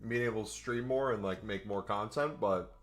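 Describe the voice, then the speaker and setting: A man's voice: on the low side, normal speed, fairly bright tone, faint music behind. A man chatting casually with his stream viewers, rambling with lots of fillers and sometimes talking with food in his mouth. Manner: rambling, filler-heavy, eats while talking. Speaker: gaming streamer.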